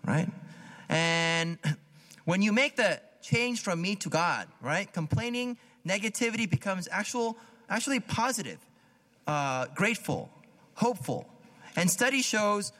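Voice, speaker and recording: Bright high man preaching in a hall. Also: animated, normal speed. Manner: conversational, repeats words, asks the listeners "right?". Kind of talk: sermon. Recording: long hall reverb.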